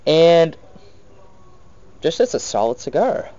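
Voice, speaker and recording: A young man rambles through his cigar verdict with plenty of fillers. His pitch moves around a lot, while his voice stays mellow. The sound is dull and lo-fi. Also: big pitch swings, takes it slowly. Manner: loose, filler-heavy speech. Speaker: cigar reviewer. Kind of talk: casual review chat.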